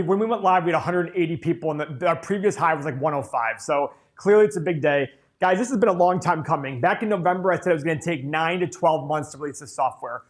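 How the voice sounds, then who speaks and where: High-voiced man explaining step by step. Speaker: co-host announcing a software release. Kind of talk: explanatory live stream talk.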